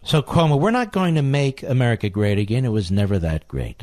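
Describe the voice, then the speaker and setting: A man's voice: mid-range voice, expressive, a little fast, darkish tone, no room sound. Man, talk radio host, indignant monologue, repeats for emphasis, dry close sound.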